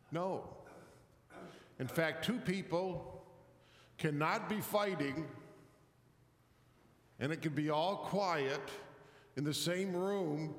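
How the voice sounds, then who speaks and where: A man's voice: fairly high pitch, a bit bright. A man preaching a sermon, reflective and questioning, with a touch of humor. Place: large echoey church. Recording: roomy hall reverb, somewhat distant.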